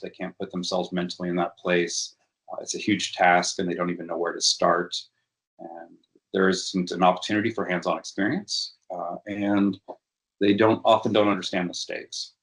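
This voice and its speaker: A man giving a workshop presentation, talking hesitantly with frequent fillers and restarts. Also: sits low. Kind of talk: educational workshop talk.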